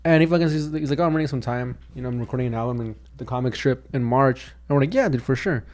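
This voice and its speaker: A man's voice: medium pitch, fast, darkish tone. Rambling young man telling a story. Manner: rambling storytelling, many restarts and "dude". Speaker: podcast co-host, comedian. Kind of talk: casual chat.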